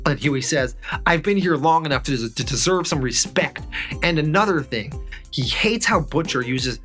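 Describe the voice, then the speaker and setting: A man's voice: a little high, lively intonation, moderate pace, fairly bright tone, faint music behind. A man casually retelling a comic book story, chaining events with "and then". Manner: loose, repeats "and then".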